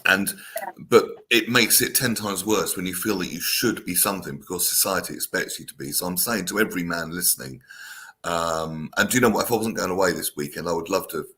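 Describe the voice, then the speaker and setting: A man's voice: sits low, brisk, bright, forceful tone, husky. A male talk show guest speaking earnestly and encouragingly to listeners.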